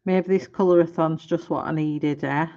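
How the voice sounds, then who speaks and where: A woman's voice: low voice, fairly even intonation, moderate pace, dark tone, muffled recording. A woman hosting a colouring live stream, chatting casually and giggling as she trips over product names.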